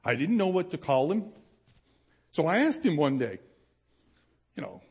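A man's voice: on the high side, wildly swooping pitch, moderate pace, long pauses, a little mellow, husky. A man pastor giving a sermon testimony, telling his story with animation and acting out the voices of people he quotes.

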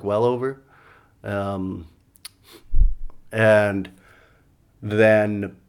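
A comedian and podcast host telling stories in a loose, rambling way, chuckling at his own punchlines. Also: on the low side. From Canada. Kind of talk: casual storytelling monologue.

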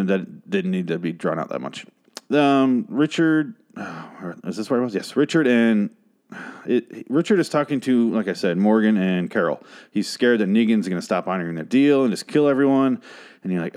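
A man's voice: lowish voice, brisk, a little mellow. A man losing his voice, rambling through a casual, profane and sarcastic recap of a TV episode as a podcast host.

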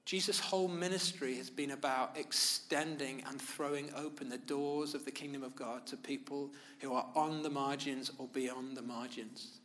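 A man preaching a sermon, speaking in measured, emphatic phrases with pauses. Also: medium pitch, fairly even intonation, a bit bright. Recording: long reverb of a large hall.

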